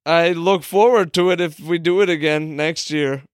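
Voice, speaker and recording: A man's voice: on the high side, normal speed, smooth, no echo, clean studio sound. A man co-hosting a podcast, teasing the others and directing the banter. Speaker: podcast co-host. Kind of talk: casual banter.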